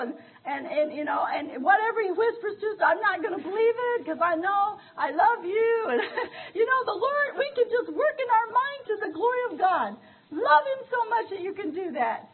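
A woman's voice: very high-pitched, big pitch swings, moderate pace. An older woman minister preaching a fervent sermon, her voice breaking with feeling, often crying out. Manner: fervent, tearful preaching with laughs and shouts. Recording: tinny phone-like recording.

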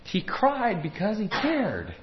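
A man preaching a sermon, earnest, moving between loud urging and hushed tender lines. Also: sits high, huge pitch swings, slow, dull audio.

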